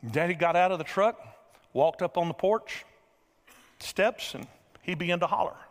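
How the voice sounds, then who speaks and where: A middle-aged man preaching a sermon, telling a folksy story and acting out the scenes with lively energy. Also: high-pitched, moderate pace. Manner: folksy, animated storyteller who acts out scenes. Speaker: pastor. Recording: reverberant large hall.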